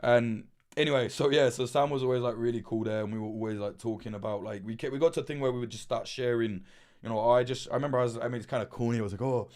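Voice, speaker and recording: This livestream host, a man in his late twenties, speaks fast at medium pitch with fairly even intonation and a darkish tone. His casual chatter rambles, full of fillers, restarts, and swearing.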